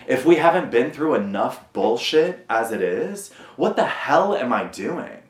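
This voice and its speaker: A man's voice: medium pitch, big pitch swings, unhurried, reverberant. A man vlogging a candid confessional monologue to camera, earnest and self-critical, swearing often. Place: at home.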